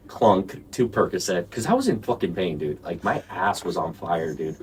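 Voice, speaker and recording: A man's voice: low voice, sing-song, measured pace, vocal fry, pauses often, recorded from a distance, slight background noise. A man co-hosting a podcast, telling a story in casual chat, swearing, laughing and acting out the people he quotes. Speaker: podcast co-host.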